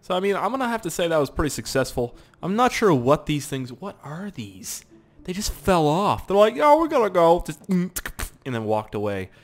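A man giving casual gameplay commentary as a YouTuber, rambling and self-mocking, with swearing and sudden excited outbursts. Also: a little high, moderate pace, slight background noise. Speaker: gaming YouTuber.

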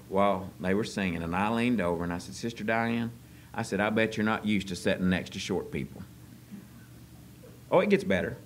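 A man preaching a sermon as pastor, folksy and joking, swinging from quiet asides to loud excited bursts. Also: fairly low pitch, a little hiss or hum. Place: church service.

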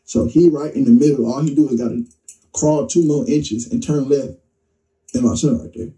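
Dark-voiced man telling a story. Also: medium pitch, moderate pace, recorded from a distance, low-quality recording. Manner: relaxed, slangy, acts out dialogue. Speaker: interview guest telling his story. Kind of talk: casual storytelling.

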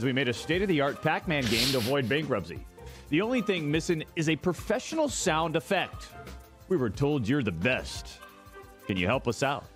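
A man's voice: medium pitch, a bit bright. A man streaming live, reading viewer donations aloud with brash, mock-serious banter. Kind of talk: theatrical livestream banter.

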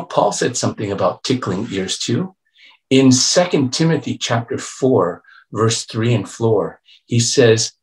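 A pastor preaching a youth revival sermon, telling a story and acting out its voices, playful and joking. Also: male voice, medium pitch. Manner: storytelling preacher, acts out voices and swings between hushed and loud; playful, calls himself a joker. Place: church sanctuary. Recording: echoey church room.

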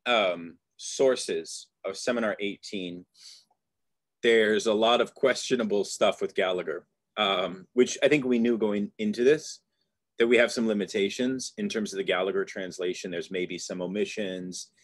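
Low-voiced man hosting an online study group. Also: no echo, studio quality. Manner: thoughtful, halting, with fillers and restarts. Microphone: video call.

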